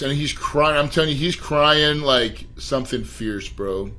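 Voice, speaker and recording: A middle-aged man, a podcast guest, telling his life story in an emphatic, animated way and addressing the host directly. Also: a little high, measured pace, rough recording. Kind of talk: storytelling interview.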